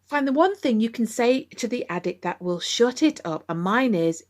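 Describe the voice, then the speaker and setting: A woman's voice: on the high side, expressive, moderate pace, few pauses. A middle-aged woman with a candid, conversational manner, talking to listeners as the host of a recovery podcast. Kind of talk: podcast monologue.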